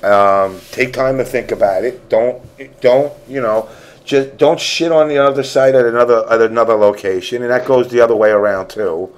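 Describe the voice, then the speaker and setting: A man's voice: medium pitch, normal speed. Laid-back joking male host. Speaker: show host. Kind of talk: casual voice chat.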